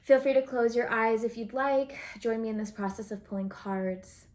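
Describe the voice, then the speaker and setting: A woman's voice: fairly high pitch, normal speed, darkish tone. Chatty woman reading tarot cards. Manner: chatty, reflective, thinking aloud with fillers. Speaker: tarot reader. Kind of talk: casual tarot reading to camera.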